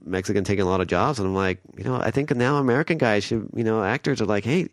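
A man's voice: lowish voice, fast, dry recording, clean studio sound. A man co-hosting a podcast, chatting casually and rambling with many restarts. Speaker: podcast co-host. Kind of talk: casual chat.

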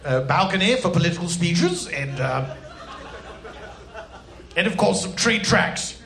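Male stand-up, very high bright voice, slow deliberate pacing, echoey live room. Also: expressive, vocal fry, background noise. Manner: playful, absurd storytelling with silly put-on voices. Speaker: comedian. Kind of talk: comic monologue with character voices. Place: live stage in front of an audience.

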